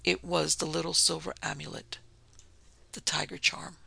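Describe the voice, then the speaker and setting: A man narrating a story aloud in a measured, even reading. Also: a little high, gravelly, husky. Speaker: audiobook narrator.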